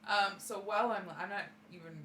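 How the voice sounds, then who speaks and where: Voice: mid-range voice, steady tone, fairly quick, bright, forceful tone, distant mic. A player in a tabletop game, joking and playful about their moves. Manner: playful, laughing. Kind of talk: casual tabletop play. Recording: echoey room with clear noise.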